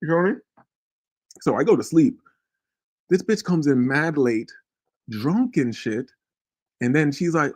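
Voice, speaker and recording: This podcast host speaks at a measured pace with long pauses, his fairly high, animated voice carrying a darkish tone. He wanders through a vulgar, foul-mouthed tale, repeatedly asking the listener "you feel me."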